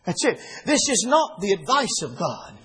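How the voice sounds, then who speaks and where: A male pastor preaching a fervent sermon from the pulpit, often pausing on "uh" and rising to shouts. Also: high voice, very animated, low-quality recording. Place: church sanctuary.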